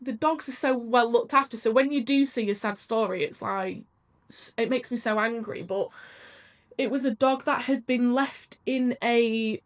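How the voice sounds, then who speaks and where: Woman guest, chatty and emotional, lots of laughing, voice sits a bit high. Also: normal speed. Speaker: podcast guest, business owner. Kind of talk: candid casual chat.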